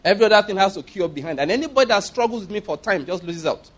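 A man with a Nigerian English accent preaches a sermon in a fairly high voice. He tells stories with emphasis and laughs often as he makes his points. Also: animated, racing.

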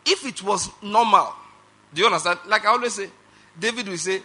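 Male preacher, emphatic sermon delivery, high and brightly forceful tone. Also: expressive, quick pace. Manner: emphatic preaching with rhetorical questions; laughs between phrases. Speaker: pastor.

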